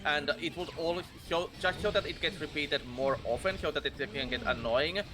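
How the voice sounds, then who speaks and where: A man's voice: fairly high pitch, a little fast. A man streaming a game live, chatting casually and rambling, laughing at his own jokes. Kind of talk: casual chat while gaming live. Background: game music.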